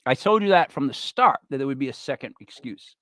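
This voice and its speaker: A podcast host with a medium-pitched, expressive, fairly bright voice talks briskly on a live show, captured in a dry recording. He rambles and teases his co-hosts in casual banter full of fillers.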